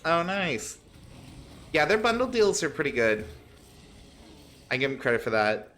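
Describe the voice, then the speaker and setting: A man's voice: on the high side, sing-song, measured pace, fairly bright tone, slight background noise. A man streaming a game, chatting casually, swearing and laughing often. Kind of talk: casual gaming chat.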